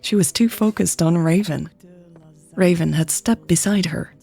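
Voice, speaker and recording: Woman narrator, romance story read aloud, calm, even, low-pitched, gravelly. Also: unhurried, soft background music. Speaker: podcast host and narrator.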